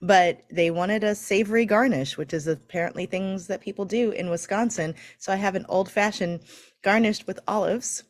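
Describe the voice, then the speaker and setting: A woman co-hosting a casual livestream, chatty and quick to laugh. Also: medium pitch. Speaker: co-host.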